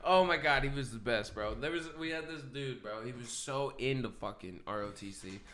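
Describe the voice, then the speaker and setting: A man's voice: medium pitch, moderate pace. A man co-hosting a casual podcast, telling rowdy stories full of swearing and laughter. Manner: profane, laughing, animated storyteller. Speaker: podcast co-host. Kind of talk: casual storytelling chat.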